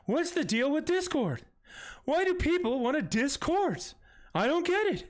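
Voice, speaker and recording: A man's voice: very high-pitched, sing-song, measured pace, voice pushed up, heavily acted. A man doing a whiny stand-up comic impression. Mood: mock puzzled.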